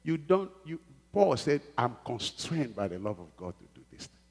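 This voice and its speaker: A middle-aged man preaching a sermon in a church, swinging from hushed pleading to loud exhortation and calling for amens. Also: medium pitch, sing-song, moderate pace, creaky, breathy edge. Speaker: pastor. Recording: long reverb of a church hall.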